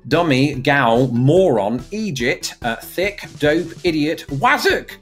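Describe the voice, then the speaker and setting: A man's voice: on the high side, animated, slow. A young man from England, chatting wryly as a video host, with faint music behind. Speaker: YouTube host. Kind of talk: casual commentary.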